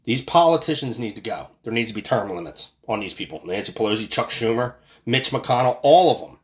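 A fired-up American man in his thirties rants on his own podcast, swearing freely and repeating himself when he gets heated. His pitch swings widely, leaping up for sarcastic jabs and dropping low for grumbled asides. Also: expressive, brisk. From United States. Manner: profane, angry, ranting with sarcastic outbursts. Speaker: podcast host. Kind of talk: casual political rant.

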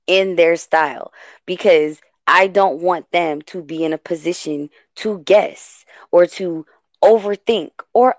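Animated, rambling woman with a lowish voice. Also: no echo. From West Coast of the US. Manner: animated, rambling, self-interrupting. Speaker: host. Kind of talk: casual talk show chat.

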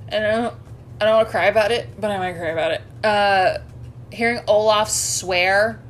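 A woman's voice: mid-range voice, steady tone, moderate pace, slight background noise. A woman co-hosting a casual podcast, animatedly recapping a movie and swearing freely. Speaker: podcast co-host.

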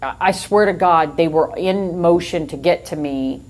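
An older woman, co-hosting a podcast and telling a long story in a lively, animated way, often laughing. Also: fairly low pitch, normal speed. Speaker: podcast co-host. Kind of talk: casual storytelling chat.

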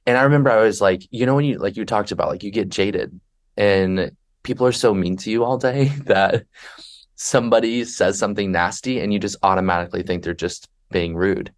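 Man, podcast guest, low voice, casual, animated storyteller. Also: a little fast. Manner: animated storyteller who acts out passengers and himself. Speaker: podcast guest, flight attendant. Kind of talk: conversational podcast interview.

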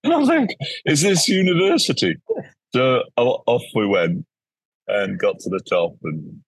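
A man tells stories as a guest in a relaxed interview. His voice is low and a bit husky. He acts out the people he quotes, and the recording is dry with little room sound. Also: measured pace, no room sound. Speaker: educator guest. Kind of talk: casual interview storytelling.

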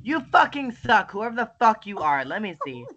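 Bright-voiced young adult, foul-mouthed ranting. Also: mid-range voice, very animated, normal speed, dull audio. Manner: swears constantly, bursts into shouting and cry-like laughing. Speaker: video call participant. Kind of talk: casual profane rant. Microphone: webcam on a video call.

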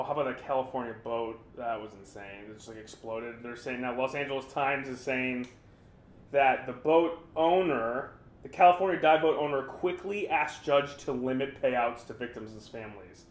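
A man's voice: medium pitch, normal speed. Rambling man in an echoey room. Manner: rambling, swearing, mock voices. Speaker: podcast co-host. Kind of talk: casual chat.

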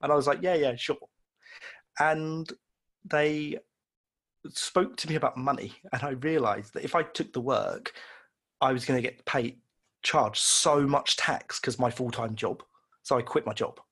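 Man, husky voice, rambling casual storytelling, self-deprecating. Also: medium pitch, measured pace, a bit bright. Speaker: illustrator guest.

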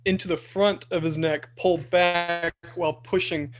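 A man's voice: high-pitched, steady tone, measured pace, soft background music. Man describing his game move. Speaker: player. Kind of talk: casual game chat.

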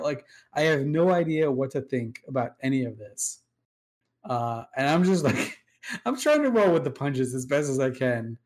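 A man's voice: mid-range voice, lively intonation, normal speed, a little mellow. A man telling a long story in casual chat, rambling with fillers and swearing, acting out the people he quotes. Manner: rambling, profane, acts out quoted dialogue with fillers. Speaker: storyteller guest recounting game history.

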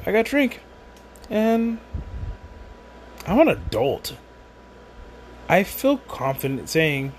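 A man talking at home in a meandering, musing way, doubling back on his words and drifting into asides. His voice sits a touch higher than most men's, with a faint hiss underneath. He drinks as he talks. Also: big pitch swings, slow pace, pauses often. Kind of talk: rambling casual monologue.

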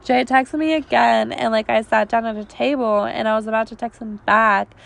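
A woman in her thirties tells a rambling story on a casual podcast, packing her speech with fillers. Her voice sits fairly high, but it is raspy and gravelly, and she is losing it. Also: fairly even intonation, normal speed. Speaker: podcast co-host.

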